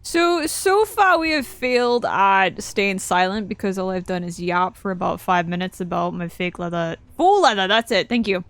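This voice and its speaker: A woman's voice: mid-range voice, moderate pace, few pauses, a bit bright, no echo. A young woman streaming a game from her home desk, rambling casually, swearing freely and laughing between thoughts. Her voice sits mid-range and is recorded close and dry, with no room sound. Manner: chatty, swearing, laughing asides. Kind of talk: casual live-stream commentary.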